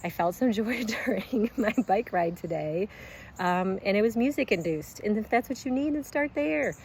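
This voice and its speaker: A woman's voice: medium pitch, expressive, moderate pace, darkish tone, a little hiss or hum. A woman in her forties, a health coach, talking candidly to camera in a casual vlog, earnest and with bursts of enthusiasm. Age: 40s.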